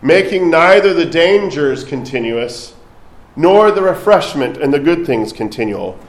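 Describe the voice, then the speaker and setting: Slow-talking priest in an echoey church. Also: male voice, a little high, expressive. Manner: conversational preaching with light asides. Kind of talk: sermon.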